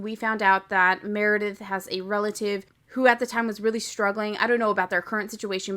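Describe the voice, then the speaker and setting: A woman's voice: mid-range voice, fairly bright tone. A young woman hosting a casual podcast recap. She talks in a chatty, opinionated way and laughs often. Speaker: podcast host. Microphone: podcast microphone.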